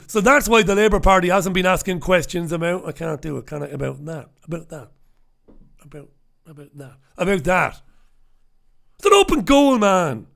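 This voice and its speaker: A man from the north of England hosts a newspaper review, ranting bluntly and throwing in swear words. His voice sits somewhat high with a gravelly rasp. He talks close into the microphone. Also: fairly bright tone. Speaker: radio host. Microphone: talking close into two microphones.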